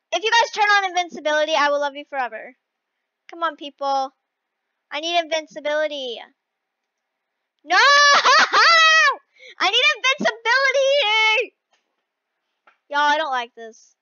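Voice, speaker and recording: A young girl talking through an obstacle-course game she is playing, excitable, often shrieking when she fails and pleading with her viewers for help. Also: sits high, normal speed, pauses often, dry recording, muffled recording. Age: child. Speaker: gaming video creator. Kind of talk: casual gameplay commentary.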